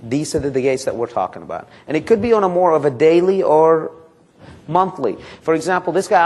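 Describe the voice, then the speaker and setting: Man with a higher voice running sales training. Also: fairly quick. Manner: energetic, quizzes the audience with questions; acts out sample phone calls and pitches. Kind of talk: live sales training seminar. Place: training room with a live audience.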